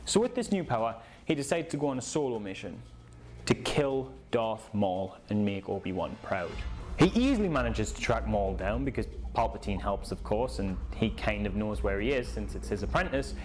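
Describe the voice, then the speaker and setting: A man narrating a story in a casual, animated way and acting out the scenes. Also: fairly low pitch, moderate pace, faint music behind. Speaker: YouTube creator.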